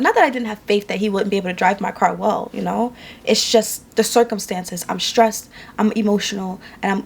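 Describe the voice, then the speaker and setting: Emotional woman telling a personal story. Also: on the high side. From New York. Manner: candid, emotional, conversational. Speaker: vlogger. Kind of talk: casual storytelling vlog.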